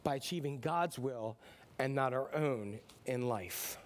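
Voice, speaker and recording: A man's voice: mid-range voice, measured pace. A middle-aged man preaching a sermon in a conversational way, often restarting sentences and acting out short voices in his stories. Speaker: pastor.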